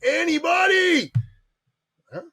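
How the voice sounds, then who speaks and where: A man putting on a brash, excitable young trainer. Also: a little hiss or hum, exaggerated voice. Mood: boastful. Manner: loud, fast, high-pitched bragging.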